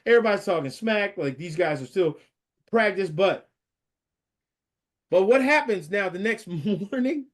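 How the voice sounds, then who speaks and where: Excitable man telling a golf story. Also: sits high, measured pace, long pauses. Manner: excited, laughing anecdotes with trash talk. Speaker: guest. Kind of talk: casual chat, storytelling.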